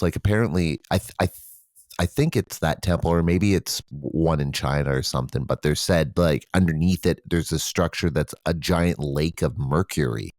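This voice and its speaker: Very deep-voiced rambling podcast host. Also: male voice, moderate pace, a little mellow, no room sound, studio quality. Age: adult with children. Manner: rambling, swears freely, lots of fillers. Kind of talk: casual conversation.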